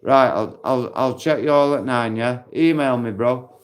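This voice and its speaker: A man hosts a casual live stream from a park, talking straight into his phone. He is blunt and matey, swearing freely as he chats with viewers. His voice sits at an ordinary middle pitch for a man. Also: a little slow. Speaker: livestream host. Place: outdoors in a park.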